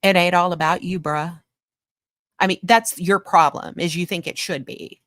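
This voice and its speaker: A woman's voice: on the low side, fairly even intonation, normal speed, fairly bright tone, no echo, studio quality. A woman hosting a commentary show, talking in a sarcastic, mocking, lecturing way about a streamer. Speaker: commentary host.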